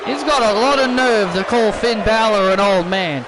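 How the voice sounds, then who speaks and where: A man doing casual play-by-play commentary over a video game, rambling and repeating himself as he gets excited. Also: high voice, normal speed, background noise.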